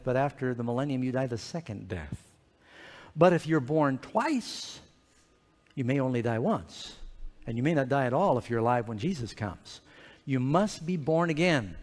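A man telling an animated, playful story sermon to children in a large church hall. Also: mid-range voice. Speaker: preacher. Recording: reverberant hall.

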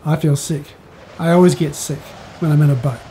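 A man voicing a queasy, seasick male disciple in a storybook tale, whining in a high, strained voice. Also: fairly even intonation, brisk, mellow, a little hiss or hum, close to an everyday voice.

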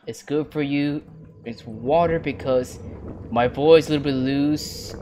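A man giving casual let's-play commentary on a horror game, rambling and excitable, often breaking into laughter. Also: on the high side, measured pace, a little hiss or hum. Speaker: gamer playing a horror game.

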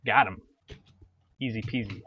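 A man's voice: fairly low pitch, moderate pace. A young man gaming and chatting casually, with profane, sarcastic banter. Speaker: gamer. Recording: dull lo-fi mic with faint hiss.

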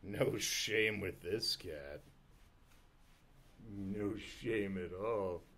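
A man's voice: lowish voice, drawn-out words, fairly bright tone, slight background noise. A man at home by his desk microphone, talking to himself and cooing baby talk at his pet cat. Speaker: vlogger. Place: at home indoors. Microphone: desk microphone he is testing.

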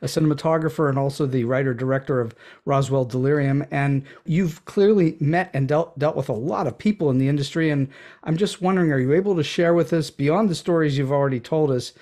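A man hosting an interview podcast, asking his guest questions in a measured, formal way. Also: fairly high pitch, a little mellow. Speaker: podcast host.

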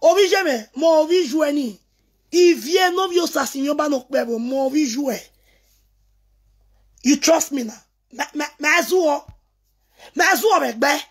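A high-pitched woman with a Nigerian accent rambles through a video message. She talks in a teasing, excitable way and slides between pidgin and English. Her voice sits well above the usual range for a woman. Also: moderate pace, long pauses.

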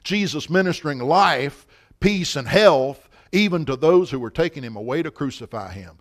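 A man's voice: a little high, expressive, normal speed. A male pastor preaching a sermon at a church service, telling a story with passion, emphasis and repetition.

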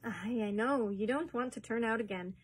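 Cheery male peddler with sing-song folksy patter, put on by a woman storyteller, slightly husky. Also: on the high side, normal speed. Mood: jolly.

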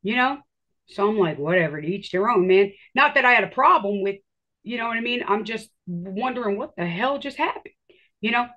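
Animated woman telling her story. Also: mid-range voice, a little fast, lo-fi sound. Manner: animated, swears casually, acts out her own reactions. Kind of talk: casual storytelling.

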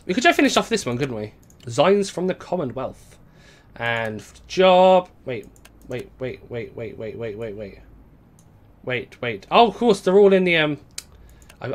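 A man's voice: medium pitch, animated, normal speed. A young man casually commenting while he plays a game on a live stream, rambling and chatting to viewers. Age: young adult. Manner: rambling, chatty, reads out chat.

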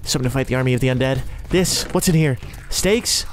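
A man's voice: medium pitch, fast, a little hiss or hum. A young man narrating his own game role-play in a sarcastic, self-mocking running commentary. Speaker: role-play gaming creator.

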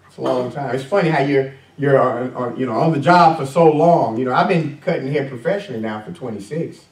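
A man's voice: mid-range voice, a little fast, a little mellow. A male pastor preaching a conversational sermon, full of fillers and questions to the congregation. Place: church sanctuary. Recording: echoey church room, mic at a distance.

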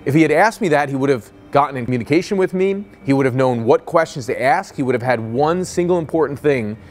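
A man's voice: medium pitch, fast talker. A man giving a motivational sales lesson as a business coach, telling stories and acting out the people in them. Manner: energetic, storytelling, acts out quoted voices.

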